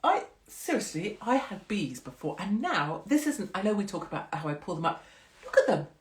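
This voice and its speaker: A middle-aged woman hosts a live social-media stream from home, chatting casually with viewers in a rambling, self-mocking manner and swearing freely. Her medium-pitched voice is sing-song and moderately paced, with a roomy sound.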